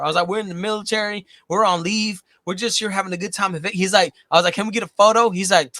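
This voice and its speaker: Rowdy man in his forties who swears freely; very lively pitch, dry close sound. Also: quick pace, no echo. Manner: loud, profane, boisterous storytelling. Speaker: co-host. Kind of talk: casual chat.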